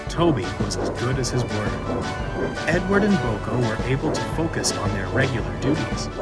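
Man, storybook narrator, lively pitch, music underneath. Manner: expressive, animated telling.

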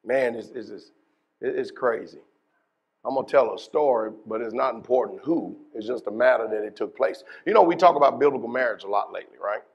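A man preaching a sermon as pastor, putting questions to his congregation and moving between hushed asides and loud, emphatic bursts. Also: medium pitch, a little fast, husky, lo-fi sound. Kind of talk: deliverance workshop sermon.

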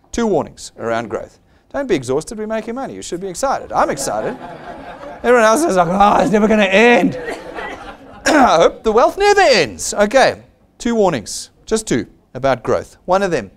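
Emphatic man rallying a seminar. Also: high-pitched. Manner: emphatic and exhortative, acts out quoted voices. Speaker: seminar presenter for his company. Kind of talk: motivational seminar talk.

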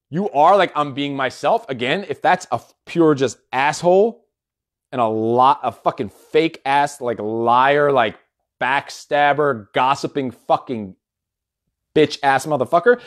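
A man giving a blunt, heavily profane motivational monologue as a business and fitness coach. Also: mid-range voice. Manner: blunt and heavily profane, with sudden loud emphatic peaks.

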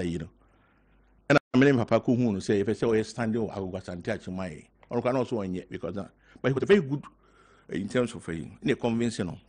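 An older man with a Ghanaian accent, talking as a guest on a talk show, halting and mixing in local words. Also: mid-range voice, slightly rough. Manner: halting, mixing in local words, growing loud when telling a story. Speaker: guest party member. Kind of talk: casual talk show interview.

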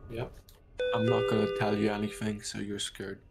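A man's voice: lowish voice, monotone, moderate pace, creaky. A man chatting casually with a friend during a game, laid-back and teasing. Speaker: friend co-playing. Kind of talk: casual gaming chat.

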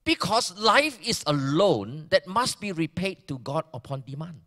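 A Malaysian male pastor delivers a sermon in Malaysian English with a bright, high, very lively voice, taking his time a little slowly over each phrase. He shifts from loud emphasis to hushed, almost whispered asides, and the long reverb of a church hall carries his words.

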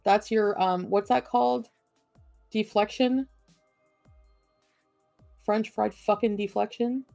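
Angry sarcastic woman streamer, dark tone, dry desk-mic sound with faint music. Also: medium pitch, steady tone, slow, vocal fry, dry recording. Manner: profane, combative and sarcastic. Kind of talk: livestream rant at chat.

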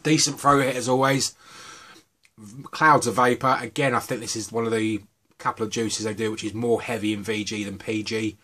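A man's voice: on the low side, normal speed. A middle-aged man from the UK, chatting casually and rambling a little as he reviews vape juices. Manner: chatty, relaxed, rambling asides.

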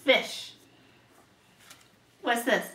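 A woman reading picture books aloud to a toddler, asking patient questions in a slow, playful way. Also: a bit bright. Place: home room. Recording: roomy home video from a distance.

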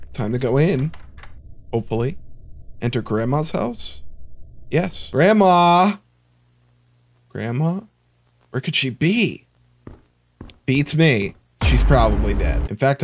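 A man narrating his gameplay in a let's play, full of sarcastic jokes. His voice swoops up and down with lively energy, with faint noise behind it. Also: mid-range voice. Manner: joking, sarcastic. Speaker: gamer.

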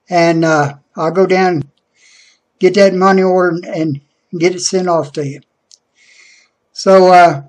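Guy on his webcam, kinda high voice, slow and hesitant, lots of restarts. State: out of breath. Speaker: vlogger. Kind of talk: casual unboxing vlog.

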